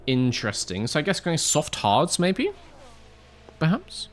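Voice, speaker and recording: Lively, jokey man streaming a game. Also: fairly high pitch, a little slow. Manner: jokey, laughs often, reads chat aloud. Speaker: streamer playing a racing management game. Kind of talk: casual live-stream chat and game commentary. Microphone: desk microphone with pop filter.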